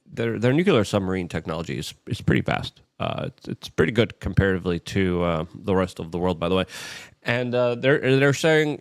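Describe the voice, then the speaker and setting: A man hosting casual political commentary, animated and full of mocking asides, often jumping into high exaggerated voices to imitate others. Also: fairly quick, vocal fry, no echo.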